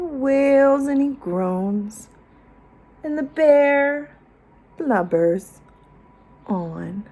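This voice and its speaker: Woman teacher, children's read-aloud; slow, animated, invites joining in. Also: sits high. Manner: expressive, invites children to join in. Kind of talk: reading a picture book aloud to children.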